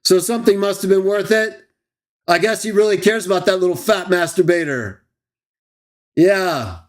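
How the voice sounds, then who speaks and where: Man, fairly high voice, mocking live stream rant, scornful laughter. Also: normal speed. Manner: mocking, taunting, laughs at his targets. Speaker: host of a live stream show.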